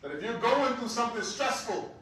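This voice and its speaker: A man's voice: very high-pitched, animated, brisk, a bit bright. A man teaching a religious class as an imam, talking conversationally and often checking in with his listeners. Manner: conversational, keeps checking in with "right?". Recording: very echoey room, mic far off.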